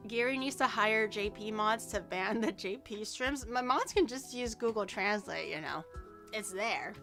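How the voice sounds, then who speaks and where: A woman streamer telling stories in casual chat, animated and laughing often. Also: mid-range voice, measured pace, faint music behind.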